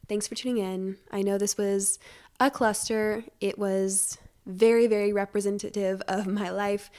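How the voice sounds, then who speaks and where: A young woman in her twenties hosting a casual solo podcast from home, talking quickly in a rambling, self-deprecating way, with a stuffy nose. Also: mid-range voice, fairly even intonation, mellow, clear, resonant tone. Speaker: podcast host.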